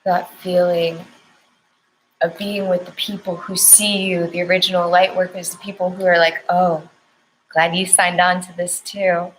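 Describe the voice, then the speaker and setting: Young woman card reader, soft affirming tone, emotional, faint hum behind. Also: on the low side, level tone, unhurried, poor audio. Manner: tender, emotional, affirming, near tears. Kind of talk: spiritual card reading with affirmations.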